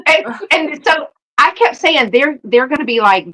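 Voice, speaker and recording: Speaking slowly in a high-sitting voice, a middle-aged Southern US woman tells a story while hosting a live sale, acting out quotes with animation and frequent laughter. The recording is rough.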